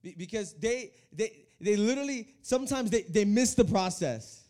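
A young male preacher with a mellow, warm voice and a fairly high pitch, talking straight to his congregation. He speaks with lively energy and often repeats words as he builds each point. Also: moderate pace. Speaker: youth pastor. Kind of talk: energetic sermon. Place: church hall.

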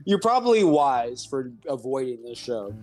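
A man's voice: medium pitch, very animated, normal speed, a little mellow, faint music behind. A man co-hosting a stream in casual chat, rambling and emphatic, often repeating himself. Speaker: stream co-host.

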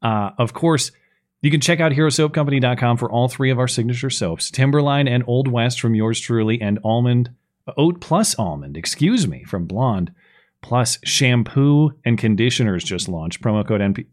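Podcast host, man, mid pitch, casual and self-mocking. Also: lively intonation, moderate pace, a little mellow. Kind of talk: casual podcast talk with ad read.

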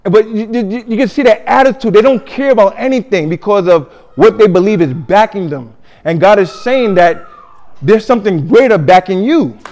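A man's voice: sits high, moderate pace, darkish tone. A man preaching a sermon with a conversational delivery. He often repeats himself and leads the congregation in call-and-response.

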